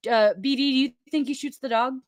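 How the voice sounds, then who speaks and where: High-voiced woman gushing about an episode on a podcast, dry close mic, laughs a lot. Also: fairly quick, dry recording. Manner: enthusiastic, chatty, laughs often. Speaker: podcast co-host. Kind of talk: casual chat recapping a TV episode. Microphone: remote call mic.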